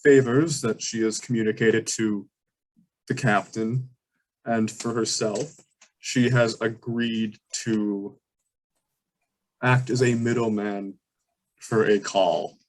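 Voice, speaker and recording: A man's voice: lowish voice, fairly even intonation, slow pace, long pauses. A man narrating as game master of a tabletop game, describing scenes with many fillers and restarts.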